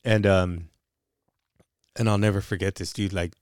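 A man's voice: deep voice, steady tone, moderate pace, dry recording, clean studio sound. A man co-hosting a casual chat, telling a confessional story with lots of swearing.

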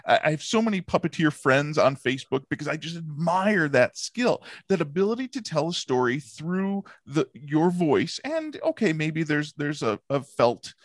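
A man's voice: a little high, very animated, moderate pace, hardly any pauses, no room sound, clean studio sound. A man hosting a casual book club podcast, talking enthusiastically and laughing often. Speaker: podcast host.

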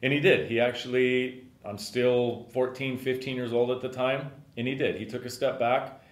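A man's voice: medium pitch, steady tone, moderate pace. A middle-aged man hosting a podcast, telling a story casually and rambling with lots of filler words. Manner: rambling, frequent "you know" fillers. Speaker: podcast host and business owner. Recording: roomy echo.

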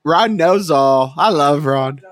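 A man's voice: a little high, lively intonation, slow, background noise. A man hosting a loose podcast chat, laughing often and steering the show along. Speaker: podcast host. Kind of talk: casual chat.

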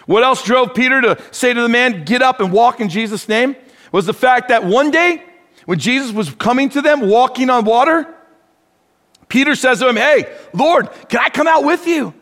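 A pastor preaches with animated delivery, acting out the dialogue he quotes. He's a man with a fairly high voice. The sound rings with a long hall reverb. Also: normal speed. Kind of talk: sermon.

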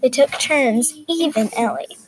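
A woman reading a children's picture book aloud in a careful, expressive way. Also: high voice, a little slow, noisy background. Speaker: reader. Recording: crowd chatter behind.

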